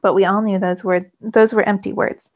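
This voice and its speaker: Woman teacher, gravelly voice, storybook read-aloud for kids, dull lo-fi sound. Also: mid-range voice, normal speed. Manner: lively storytelling, rising with the action. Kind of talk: reading a novel aloud for students. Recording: dull lo-fi recording.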